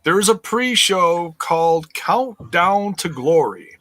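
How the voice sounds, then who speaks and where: A man's voice: sits high, big pitch swings, slow, fairly bright tone, no room sound. A man co-hosting a casual wrestling podcast, reading out the news in a rambling way with many fillers.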